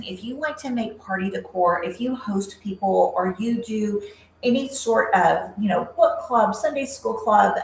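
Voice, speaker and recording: A woman's voice: medium pitch, a bit bright, reverberant, slight background noise, rough recording. A woman hosting a live craft demo, chatting upbeat with viewers by name while she works. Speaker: craft livestream host.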